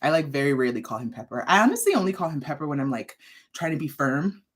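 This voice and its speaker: A woman's voice: low-pitched, sing-song, fast talker. A woman, hosting a casual livestream from her messy home craft room, chatty and a little out of breath. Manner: bubbly, chatty, greets viewers by name. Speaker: crochet designer and livestream host.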